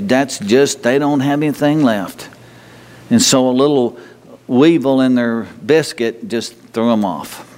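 A man preaching a sermon in a folksy, conversational way, often asking the congregation questions and mimicking people in a high, mocking voice. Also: a little mellow, in a large hall. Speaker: pastor.

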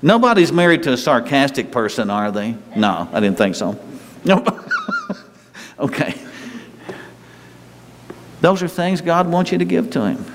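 Pastor, mid-pitched, chatty joking sermon style, big reverberant church sound. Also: male voice, very animated, moderate pace, long pauses. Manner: folksy, joking asides with the congregation. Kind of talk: conversational sermon. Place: church sanctuary with congregation. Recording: long hall reverb, faint ambient noise.

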